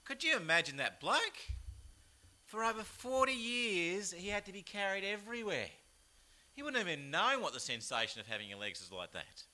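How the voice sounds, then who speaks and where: A man with an Australian accent, preaching a chatty, animated sermon with plenty of rhetorical asides. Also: high-pitched, moderate pace. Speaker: pastor. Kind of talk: lively sermon.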